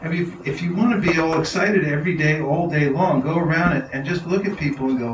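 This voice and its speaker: A man's voice: on the high side, brisk, hardly any pauses, heavy background noise. A man giving an enthusiastic devotional talk to a live audience, often laughing as he tells stories. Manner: enthusiastic, laughing, animated storyteller. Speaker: spiritual teacher. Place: large room with a live audience. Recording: roomy hall, mic far off.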